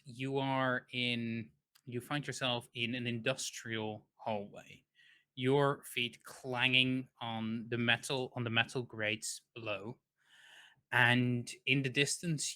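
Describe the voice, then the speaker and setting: A man runs a tabletop game as its game master, describing the scene at a slow, deliberate pace. His voice is bright and forward. He often stops for ums and restarts his sentences. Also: medium pitch, clear, resonant tone. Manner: unhurried, with frequent fillers and self-corrections.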